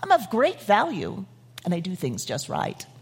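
A woman's voice: fairly low pitch, huge pitch swings, normal speed, a little mellow, husky, exaggerated voice. A woman reciting as a boastful gold vessel.

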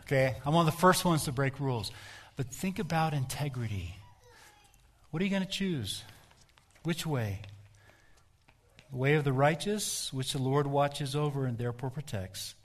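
A middle-aged man, a pastor, preaching a sermon in a relaxed storytelling way and asking his congregation direct questions. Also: medium pitch, moderate pace.

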